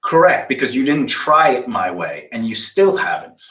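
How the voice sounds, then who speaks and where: A man's voice: mid-range voice, sing-song, moderate pace, a bit bright, far from the mic. A man insistently lecturing a younger colleague in a heated casual argument. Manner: insistent, lecturing, mimics others. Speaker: mentor. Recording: echoey room, off-mic.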